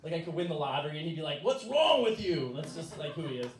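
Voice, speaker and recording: A young man with a slightly high voice tells a personal story at a live storytelling night, loose and casual, laughing often between his many fillers. He sounds set back from the mic in an echoey room with faint noise around him. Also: fairly even intonation, racing, recorded from a distance. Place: stage in a small venue.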